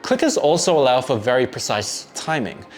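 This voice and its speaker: A man narrating a scripted dog-training lesson in a clear, friendly teaching tone. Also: mid-range voice, very animated, moderate pace, soft background music.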